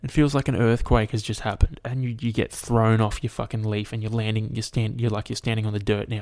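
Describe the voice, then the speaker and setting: A man's voice: lowish voice, a little fast, gravelly, hardly any pauses. A man hosting a solo podcast, ranting and telling stories with heavy swearing and constant "like" fillers. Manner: animated storytelling to the listener. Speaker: podcast host.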